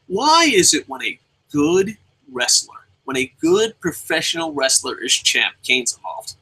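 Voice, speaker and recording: A young man giving a casual, profane review of a wrestling show, animated and mocking. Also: medium pitch, normal speed, breathy edge, poor audio. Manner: profane, animated, mocking with shouted put-on voices.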